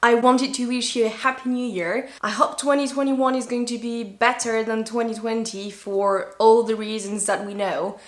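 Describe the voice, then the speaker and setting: A woman's voice: a little high, steady tone. French woman teaching English, echoey room. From France. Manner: slow and deliberate, repeating words for learners. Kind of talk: online English lesson.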